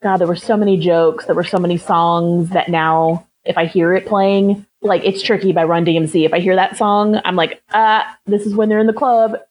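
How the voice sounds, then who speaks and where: A woman's voice: lowish voice, steady tone, normal speed, few pauses, a little mellow, poor audio. A young woman co-hosting a podcast, chatting casually with lots of fillers and frequent laughs. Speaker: podcast co-host. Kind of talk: casual chat.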